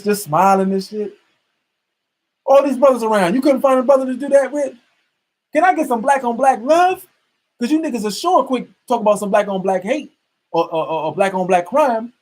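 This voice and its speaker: A man's voice: sits high, a little mellow, poor audio. A man hosting his own podcast, delivering a heated, preachy monologue full of profanity and repetition. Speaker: podcast host.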